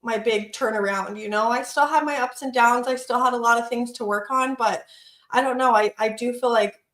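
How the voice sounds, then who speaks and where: A woman's voice: fairly high pitch, moderate pace, fairly bright tone, reverberant. A woman co-hosting a podcast, telling a personal story in casual chat, acting out quotes and swearing casually. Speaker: podcast co-host.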